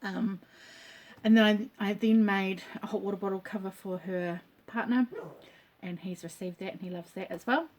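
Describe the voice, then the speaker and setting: A middle-aged woman vlogs about her crafts from her dining nook at home, her medium-pitched, slightly mellow voice staying fairly even at a moderate pace. She rambles casually, saying "um" a lot and coughing now and then.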